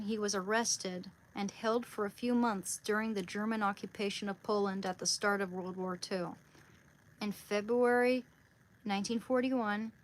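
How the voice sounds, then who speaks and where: A woman on a casual livestream who reads aloud and prays, soft-spoken and halting, near tears. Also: medium pitch, a little hiss or hum. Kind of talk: casual livestream chat and prayer reading. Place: small room at home.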